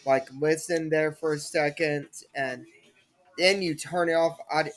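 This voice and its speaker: A woman's voice: deep voice, steady tone, a little slow. A young adult woman hosting her own podcast, talking alone in a rambling, repetitive way with lots of fillers. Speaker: podcast host. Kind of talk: casual solo podcast monologue.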